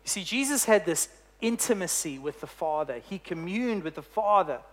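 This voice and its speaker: A preacher delivering a sermon, telling a story with emphatic, deliberate phrasing. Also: mid-range voice, animated, fairly bright tone.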